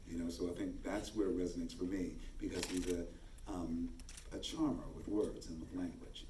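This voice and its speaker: A man with a low voice talks casually on a panel, laughing easily as he goes. He sounds far from the microphone in a big echoing hall. Steady background noise runs under him. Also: moderate pace. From United States. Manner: relaxed, chatty, laughs easily. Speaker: actor on a panel. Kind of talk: panel conversation. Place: large festival hall with audience. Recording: echoey hall, distant mic, background noise.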